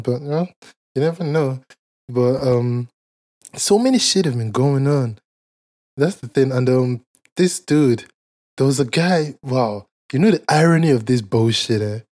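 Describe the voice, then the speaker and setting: A man's voice: medium pitch, a little mellow. Guy on a podcast rambling and cussing, chill casual chat, lots of ums. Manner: profane, rambling storytelling with frequent fillers and laughs. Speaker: podcast co-host.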